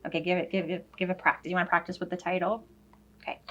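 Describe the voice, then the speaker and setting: A woman teacher working one-on-one with a young child, speaking slowly, simply and encouragingly as she explains a reading activity. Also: fairly low pitch, little pitch movement, a bit bright, lo-fi sound. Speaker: elementary school teacher.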